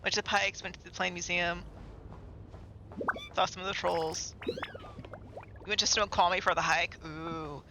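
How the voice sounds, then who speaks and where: A man's voice: sits high, wildly swooping pitch, a little slow, pauses often, noisy background. A man streaming a game live, chatting casually and rambling to himself and his chat. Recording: game music clearly behind.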